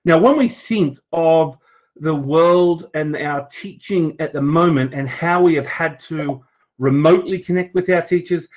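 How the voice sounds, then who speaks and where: Chatty Australian man, slightly high voice. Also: measured pace, highs cut off. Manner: chatty and jokey, many filler words and restarts. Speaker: teacher presenting at an education event. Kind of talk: informal conference talk. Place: at his desk, presenting over a video call.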